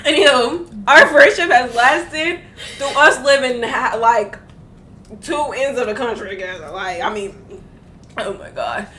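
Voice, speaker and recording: A woman's voice: fairly high pitch, measured pace, pushed and bright. Giggly young woman in an echoey room. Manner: loose, giggly, slangy banter. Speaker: podcast co-host. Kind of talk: casual chat. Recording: echoey room with faint noise.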